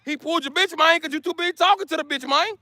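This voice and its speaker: Brief: American man in his forties, high bright voice with gravel, loud profane livestream rant. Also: fast, dry recording. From United States. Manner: loud, blunt, cursing, ranting nonstop. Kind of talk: profane rant to a live stream.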